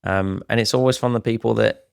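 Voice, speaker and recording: A middle-aged man co-hosting a casual podcast, talking in an animated way and acting out what other people say. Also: on the low side, fairly quick, creaky, clean tone, no echo, studio quality. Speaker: podcast co-host.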